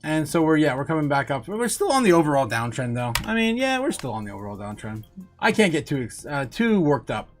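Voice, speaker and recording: Excitable, tipsy, high-voiced man. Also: a little fast, faint music behind. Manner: excitable, laughing, swearing, loud exclamations. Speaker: host of a crypto livestream. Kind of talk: rambling live-stream chat.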